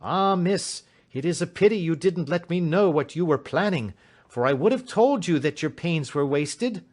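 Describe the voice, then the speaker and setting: A man's voice: on the high side, animated, normal speed, voice pushed up. A man voicing a tall, gaunt woman servant speaking plainly and respectfully in an audiobook. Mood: forthright. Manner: respectful yet plain-spoken.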